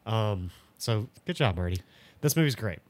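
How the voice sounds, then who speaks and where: A man's voice: on the low side, lively intonation, normal speed, dry recording. Laughing young man, dry close sound. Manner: laughs often, filler-heavy rambling. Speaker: podcast co-host. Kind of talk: casual chat.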